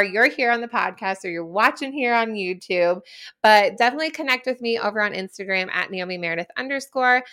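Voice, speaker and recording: A woman's voice: mid-range voice, sharp tone. A woman hosting a podcast as an elementary STEM coach, talking casually in an earnest, encouraging way, with frequent restarts. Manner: restarts and fillers.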